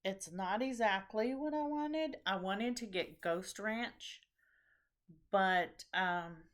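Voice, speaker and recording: A woman's voice: medium pitch, slow pace, a bit bright. A tired woman hosting a casual knitting chat, rambling with lots of ums and restarts. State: tired after a long trip. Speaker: knitting podcast host.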